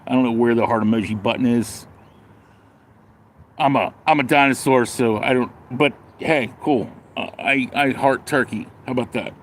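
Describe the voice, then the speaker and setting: A male live streamer delivers a blunt, sarcastic rant, then wanders through reading viewer comments in a casual stream. He speaks mid-range at a moderate pace, and there's a bit of hiss or hum.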